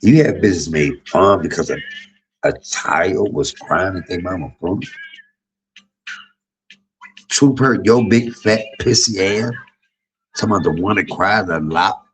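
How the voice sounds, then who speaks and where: Man in his fifties, very low and husky, swings his pitch widely; blunt, profane livestream storyteller. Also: lively intonation, unhurried, pauses often, poor audio. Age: 50s. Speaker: livestream host. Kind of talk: candid livestream monologue.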